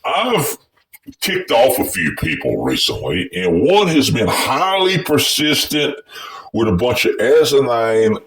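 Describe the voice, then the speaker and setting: A man's voice: medium pitch, sing-song, slow, a bit bright, recorded from a distance, rough recording. A man casually telling a personal story, in a rambling and profane way that is full of restarts.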